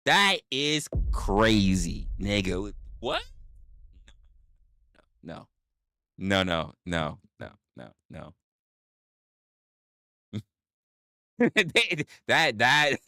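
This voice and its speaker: A man's voice: lowish voice, wildly swooping pitch, extremely slow, pauses often, pushed and bright, no room sound. A man hosting a livestream, reading chat aloud and reacting with repeated exclamations, swearing and laughter.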